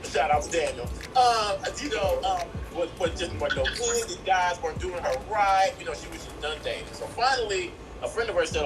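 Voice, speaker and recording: A man's voice: high-pitched, lively intonation, a little fast, few pauses. A man co-hosting a live show, telling a joke in a laid-back, rambling way. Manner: laid-back storyteller, filler-heavy. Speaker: co-host. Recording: distant mic, music behind.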